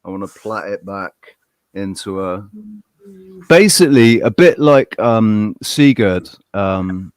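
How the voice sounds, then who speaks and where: A man's voice: fairly low pitch, expressive, slow, clear, resonant tone, no room sound. A middle-aged man co-hosting a casual podcast, teasing the others in a rambling way on a cheap desk mic. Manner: rambling, teasing, restarts with 'listen, listen'. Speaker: podcast co-host. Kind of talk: casual banter. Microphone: cheap desk mic with headphones, remote call.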